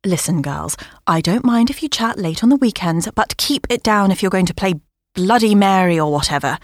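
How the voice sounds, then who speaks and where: A woman's voice: medium pitch, animated, normal speed, dry recording, studio quality, natural voice. A woman voicing a stern, exasperated mother scolding her teenage daughter in a raised voice.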